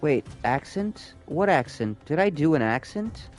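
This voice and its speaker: A man's voice: on the high side, sing-song, measured pace, faint music behind. A man streaming a game live, chatting casually and rambling with his chat. He swears freely as he plays.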